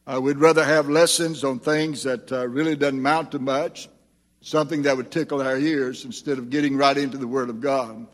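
Older preacher in a reverberant hall. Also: male voice, on the high side, a bit bright. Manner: earnest, preacherly, rising into emphatic scripture reading. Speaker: pastor. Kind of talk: sermon.

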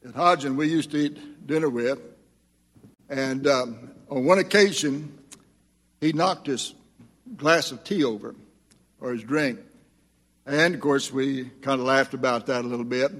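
A man's voice: mid-range voice, measured pace, long pauses, a bit bright, in a large hall. An older man preaching a sermon as pastor, earnest and emphatic as he reads scripture.

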